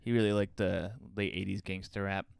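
A man co-hosting a casual podcast, playful and quick to laugh. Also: deep voice, little pitch movement, gravelly, clean tone, no room sound, studio quality. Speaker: podcast co-host. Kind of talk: casual chat.

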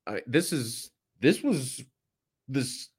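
A male radio host talking from the studio, wry and amused, measured and unhurried. His voice sits at an ordinary middle pitch. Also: sing-song, husky. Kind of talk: studio commentary.

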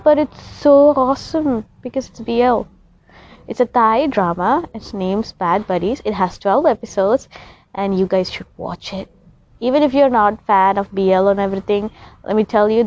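A woman's voice: mid-range voice, a little mellow. A young woman vlogging in a rambling, chatty, emotional way. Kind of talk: casual chat to camera. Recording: slightly dull recording.

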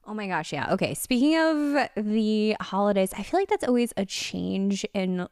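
A woman's voice: mid-range voice, animated, moderate pace, a little mellow, clean tone, no echo, clean studio sound. A young woman from Connecticut, a personal trainer co-hosting a podcast, chatting playfully and teasing with frequent laughs. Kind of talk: casual chat.

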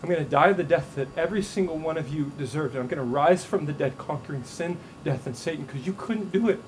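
A male pastor voicing Jesus in his sermon, steady and reassuring as he promises to do what his listeners cannot. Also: a little high, fast, slight background noise, lightly acted, poor audio. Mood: solemn. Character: calm, promising male savior figure.

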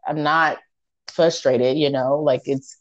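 A woman's voice: deep voice, steady tone, takes it slowly, no room sound, dull audio. A woman co-hosting a podcast who talks candidly and reflects on herself in casual chat. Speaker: podcast co-host.

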